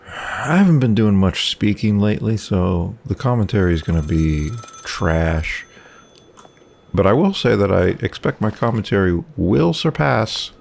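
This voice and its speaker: A man's voice: fairly low pitch, lively intonation, measured pace, vocal fry, a little mellow. A man casually commenting on a game he is playing, rambling and wry, talking back to the characters. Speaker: gameplay commentator. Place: home.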